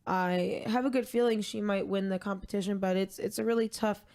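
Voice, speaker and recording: A young woman co-hosting a casual podcast chat. Her delivery is dry, deadpan and flat in tone, which she jokes about herself. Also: mid-range voice, brisk. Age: young adult. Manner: dry and deadpan, self-described monotone. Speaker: podcast co-host.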